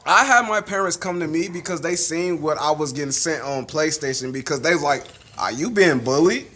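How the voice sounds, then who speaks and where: Relaxed, slightly high-voiced male guest. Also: fairly quick. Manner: relaxed, repeats words, laughing asides. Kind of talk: casual podcast chat.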